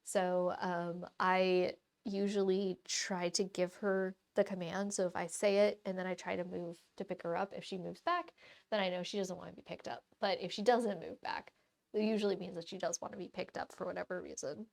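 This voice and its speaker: A woman's voice: on the low side, steady tone, moderate pace, gravelly. A woman art streamer chatting casually and rambling on a live stream while she paints.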